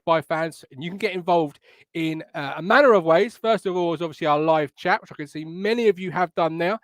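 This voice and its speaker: Chatty guy hosting a live fan podcast, kinda high voice, dry close sound. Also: dry recording. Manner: upbeat, chatty, reads out live chat comments. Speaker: podcast host.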